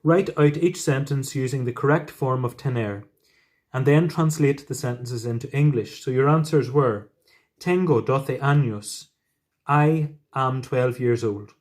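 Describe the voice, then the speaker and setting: A man teaching a Spanish lesson, explaining patiently step by step with gentle asides. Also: medium pitch, moderate pace. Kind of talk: recorded classroom lesson.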